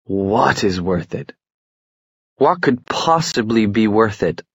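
A man's voice: on the low side, lively intonation, slow pace, husky, no echo, exaggerated voice. A man voicing a dry, weary male warlock in an audiobook, speaking bitterly and drily.

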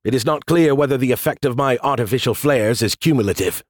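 A man's voice: mid-range voice, fast, no room sound, close to an everyday voice. A man voicing a boastful, sarcastic male AI that lives in a beer can, in a dry studio recording. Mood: smug. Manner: sarcastic, mocking, self-important.

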